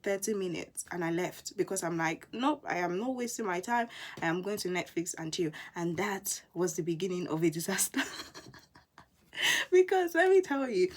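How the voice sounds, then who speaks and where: Breathy young woman, chatty vlogger. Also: mid-range voice. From England. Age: young adult. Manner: animated storytelling, lively quoted asides. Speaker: university student vlogger. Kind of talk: casual vlog chat.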